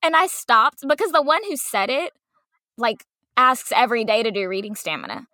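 Young woman co-host, kindergarten teacher, bright and lively storyteller, dry close sound. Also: high voice, normal speed, no room sound. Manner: animated, acts out quotes in a sing-song teacher voice. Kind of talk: casual storytelling chat.

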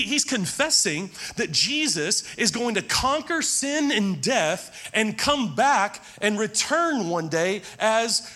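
A male pastor delivers a sermon in a voice pitched well above most men's. He preaches earnestly and often repeats a word or restarts a phrase as he presses a point. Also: a bit bright. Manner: earnest preaching, stumbles and repeats words when stressing a point.

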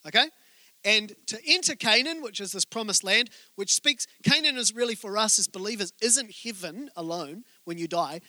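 A male pastor giving a sermon, telling stories in a joking, conversational way and speaking straight to the congregation with quick asides. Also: high-pitched, pushed and bright, no room sound. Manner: joking, conversational storytelling from the pulpit.

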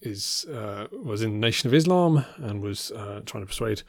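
A man's voice: fairly low pitch, lively intonation, normal speed, no room sound. A man co-hosting a podcast, chatting casually about films with many ums and restarts. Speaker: podcast co-host. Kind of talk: casual film review chat.

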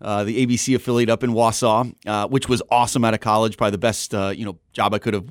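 A man in his forties from Southern California, a guest on a radio show, telling stories in a lively way and acting out the voices of people he quotes. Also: fairly low pitch, fast talker, no room sound, studio quality. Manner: animated storyteller, acts out quoted voices. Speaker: TV news anchor, guest. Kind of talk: casual radio interview.

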